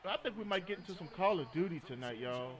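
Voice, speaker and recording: A man's voice: high-pitched, expressive, fast talker. A man streaming a video game, chatting casually, joking and telling stories. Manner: joking, storytelling, frequent laughter. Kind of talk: casual gaming commentary.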